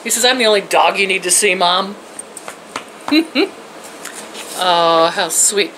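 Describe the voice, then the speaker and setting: A woman's voice: medium pitch, slow pace, sharp tone, a little hiss or hum, low-quality recording. An older woman chatting casually to her viewers from home in a folksy way, laughing often and talking to her pets. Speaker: vlogger. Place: home, indoors and out in her yard.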